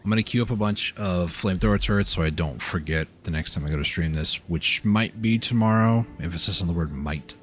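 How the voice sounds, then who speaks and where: A man with a strikingly deep, low voice chats loosely while he plays, half-muttering his thoughts as he goes. Faint game music sits quietly under his talk. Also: fast talker, hardly any pauses. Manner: relaxed, muttering to himself while playing. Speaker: streamer. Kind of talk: casual gameplay commentary.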